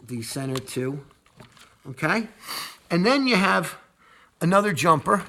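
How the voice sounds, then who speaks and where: A man's voice: on the high side, creaky, bright, forceful tone. A man casually walking viewers through a wiring job, rambling, repeating words and cursing when annoyed. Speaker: video host demonstrating an install. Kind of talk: casual how-to walkthrough.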